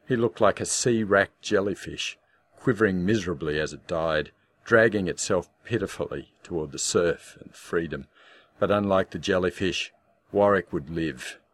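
A man in scripted audiobook narration with a measured, darkly wry storytelling manner. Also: low voice.

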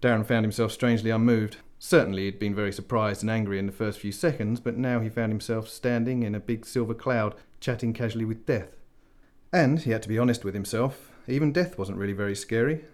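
A man with a fairly low voice narrates a science fiction audiobook. His delivery is dry, measured and steady between the characters' lines. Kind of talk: scripted narration.

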